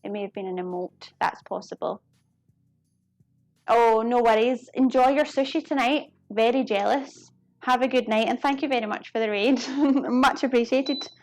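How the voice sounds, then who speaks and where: Cooking live for her viewers, a young Scottish woman with a Glaswegian accent keeps up friendly, casual chatter, apologising often and laughing readily. Her voice is on the high side, there's no room sound, and faint music plays behind her.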